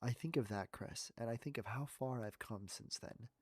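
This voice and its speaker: A man's voice: medium pitch, normal speed, darkish tone, slightly rough, dry recording, studio quality. A man, a voice actor and coach, talking earnestly and reflectively as a podcast guest. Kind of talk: casual podcast conversation.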